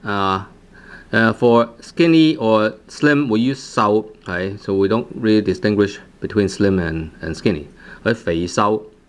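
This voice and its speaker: A man teaching a language lesson, hesitant, with many fillers, repeating words slowly for practice. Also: on the low side.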